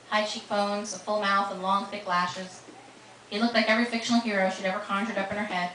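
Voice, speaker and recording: A woman's voice: medium pitch, noisy background. A woman reading her own novel aloud at a live bookstore event, narrating expressively and with animation. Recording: roomy, distant live reading.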